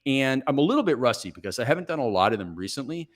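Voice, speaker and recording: A man in his forties, a coach guest on a podcast, telling stories in a brisk, energetic, self-reflective way. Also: mid-range voice. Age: 40s. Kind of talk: podcast interview, storytelling.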